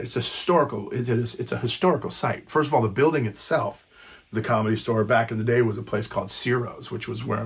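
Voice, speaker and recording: Man, 50s, comedian, husky and gravelly, loose profane storytelling. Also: medium pitch. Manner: rambling, profane, frequent restarts. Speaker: stand-up comedian. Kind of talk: casual storytelling vlog.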